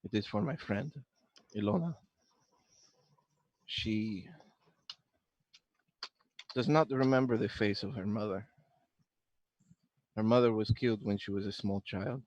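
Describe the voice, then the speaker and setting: A man voicing a solemn male warrior in a tabletop game, praying slowly and haltingly. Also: on the low side, a little mellow, dry recording, lo-fi sound. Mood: reverent. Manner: slow, halting, reverent prayer. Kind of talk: tabletop role-play in character.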